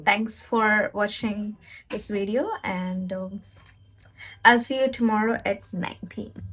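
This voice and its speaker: A woman's voice: mid-range voice, fairly even intonation, takes it slowly, fairly bright tone, rough recording. A woman presenting a casual tutorial vlog as an English learning host, reassuring her viewers and often correcting herself mid-sentence. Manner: spells out words and demonstrates pronunciation.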